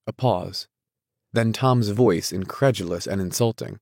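An audiobook narrator reads a novel from a script in a deep, measured, slightly mellow male voice. The recording is close and dry, with no room sound at all.

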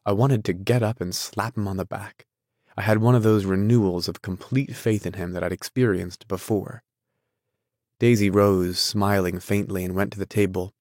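A man narrating a novel in a measured, steady reading voice. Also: lowish voice, no echo, clean studio sound. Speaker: audiobook narrator.

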